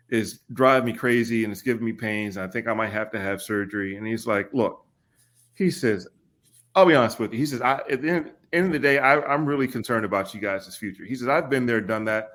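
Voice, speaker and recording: Middle-aged kentucky guy on a podcast, telling stories, does the voices of people he quotes. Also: mid-range voice. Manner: animated, acts out quotes with raised voice. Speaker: podcast guest. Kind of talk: casual storytelling.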